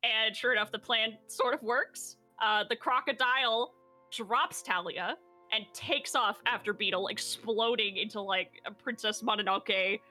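A woman recapping a tabletop game session in casual narration, animated and laughing, often swearing and acting out quotes. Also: fairly high pitch, a little slow, soft background music.

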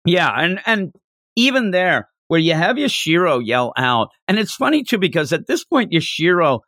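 A man hosting a casual podcast chat, animated and slipping into little acted-out lines. His voice sits at a middle pitch with a lively, swinging melody. The recording is close and dry. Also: normal speed, no room sound. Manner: animated, acts out characters' lines in quotes. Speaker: podcast host.

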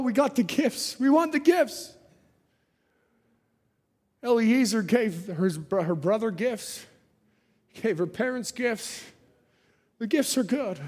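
A man preaching a sermon to a church congregation, with a fervent cadence and repeated rhetorical questions. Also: very high-pitched. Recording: long hall reverb, faint music behind.

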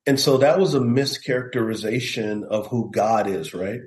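A man's voice: lowish voice, normal speed, darkish tone, reverberant. A middle-aged man, a pastor and guest, telling a personal testimony in an earnest storytelling way and acting out the voices he quotes. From United States.

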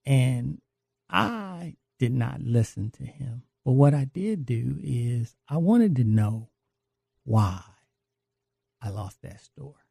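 A man tells his faith testimony in an earnest, confessional way. He speaks slowly, in a mellow voice with a gravelly edge. The sound is dry and close. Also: medium pitch, very animated, no echo. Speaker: guest sharing a recovery testimony.

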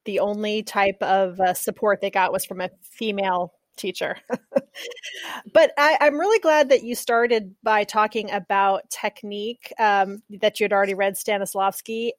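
Interviewer, woman, mid-pitched, attentive and affirming, dry and close. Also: steady tone, moderate pace, no room sound. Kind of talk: conversational interview.

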